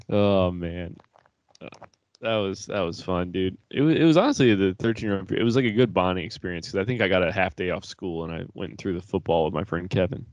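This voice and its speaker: Deep-voiced young man rambling casually. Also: fairly quick, long pauses, a little mellow, no room sound, lo-fi sound. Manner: rambling, laughs often, swears. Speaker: podcast co-host. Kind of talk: casual chat.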